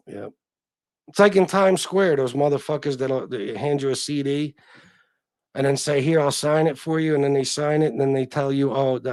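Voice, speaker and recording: Man, middle-aged, livestream host, casual chat, profane, blunt, self-deprecating, mid-pitched voice, dry close sound. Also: darkish tone, no echo.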